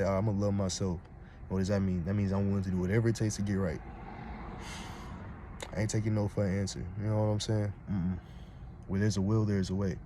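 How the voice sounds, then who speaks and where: A man's voice: on the low side, slight background noise. A man giving a blunt, streetwise spiritual monologue, talking straight to his viewers and asking "you feel me" again and again. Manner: gets loud and heated when arguing. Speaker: vlogger on spirituality. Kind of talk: casual preachy monologue.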